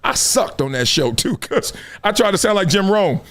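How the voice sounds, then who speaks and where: Middle-aged guy running a live sports talk stream, high voice, slangy and fired up. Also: moderate pace. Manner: animated, preachy, slangy. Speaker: show host.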